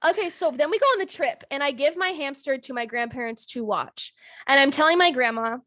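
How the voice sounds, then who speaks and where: A young woman co-hosts a podcast, telling a story casually and animatedly in a high-sitting voice, a little fast. She laughs a lot and shrieks when acting out quotes. The studio sound is clean, with no echo.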